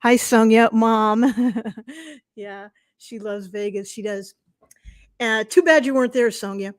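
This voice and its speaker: A middle-aged woman hosts a live stream from home, talking into her webcam. She tells her story in a chatty, animated way, with a voice pitched a little high. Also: slow, clean tone. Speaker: host.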